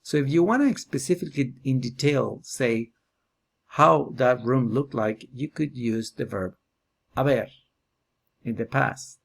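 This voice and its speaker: A man teaching a Spanish grammar lesson, slowly drilling verb forms one at a time. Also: medium pitch, vocal fry. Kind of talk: slow explanatory grammar lesson.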